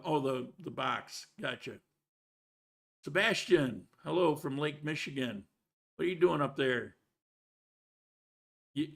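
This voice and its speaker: A man's voice: a little high, vocal fry, a bit bright. A man hosting a live stream, greeting viewers by name and chatting casually with frequent restarts. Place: living in Colombia.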